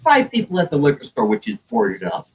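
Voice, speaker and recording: A man's voice: sits high, very animated, fairly quick, creaky, husky. A young man telling a story in casual chat, acting out other people's lines and swearing freely. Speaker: stream host telling a story. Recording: dull lo-fi stream audio.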